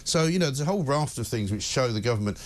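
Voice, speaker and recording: Man, talk show host, sardonic, emphatic, fast talker, mid-pitched voice. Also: expressive. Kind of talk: opinionated studio chat.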